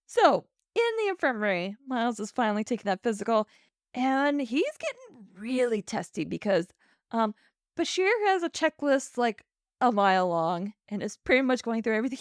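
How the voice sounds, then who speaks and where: A woman co-hosts a casual podcast recap, her voice sitting a little high and bouncing through a wide, lively range. She laughs often and slips into quick character impressions. The sound is close and dry, with no room around it. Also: no room sound. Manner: animated, laughs often, acts out characters' lines. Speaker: podcast co-host. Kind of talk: casual episode recap chat.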